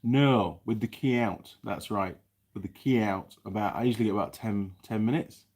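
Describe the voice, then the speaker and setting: A mechanic hosts a casual live chat from his workshop, rambling and restarting often as he reads viewer comments. His voice is lowish and darkish in tone, at a normal speed.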